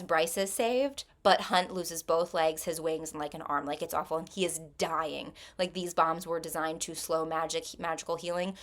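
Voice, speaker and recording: A woman's voice: fairly low pitch, fairly bright tone. A woman hosting a book channel, retelling a novel's plot in a casual, rambling way full of "like". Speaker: book review channel host.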